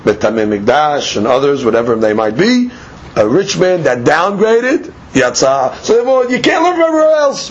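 A man with a fairly high voice leads a daily Talmud lesson, walking through the text by posing questions and answering them himself. The recording is dull and lo-fi, with a faint hiss underneath. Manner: explanatory, asks and answers his own questions. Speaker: Talmud teacher. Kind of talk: daily Talmud study lecture.

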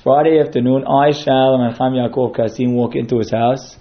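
A man's voice: mid-range voice, fairly even intonation, moderate pace, muffled recording. A man giving a sermon that centres on a told story, acting out quotes as he goes. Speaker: synagogue speaker.

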